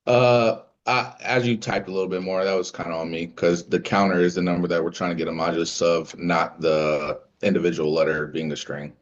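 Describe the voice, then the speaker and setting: A man's voice: sits low, flat delivery, fairly quick, few pauses, muffled recording. A male student asking a question in a coding class, speaking hesitantly and admitting his own mistake.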